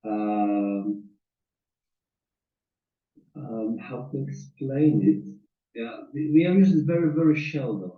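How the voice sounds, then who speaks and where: A man speaks slowly and haltingly, hunting for the right words. His voice comes over a thin, phone-like line. The room around him sounds echoey. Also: mid-range voice. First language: Polish. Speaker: student. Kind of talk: conversation lesson.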